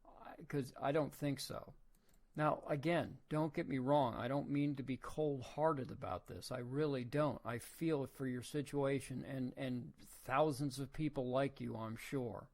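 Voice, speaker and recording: A podcast host giving a casual opinion monologue, talking in a folksy way full of rhetorical questions and frequent restarts. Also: male voice, mid-range voice, steady tone, a little slow, a little mellow.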